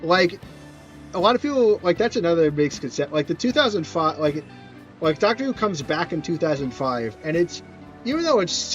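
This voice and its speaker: A fairly high-voiced man chats loosely while streaming a game, his pitch swinging up and down as he talks. He rambles and restarts his sentences. Game music plays softly under a slightly dull recording. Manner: rambling, self-correcting, answers chat questions.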